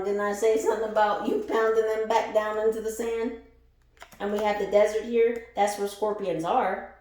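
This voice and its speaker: A woman's voice: medium pitch, darkish tone. A woman giving a casual spiritual reading to her followers, blunt and profane, often laughing as she talks. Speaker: spiritual tarot reader. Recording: echoey room, far from the mic.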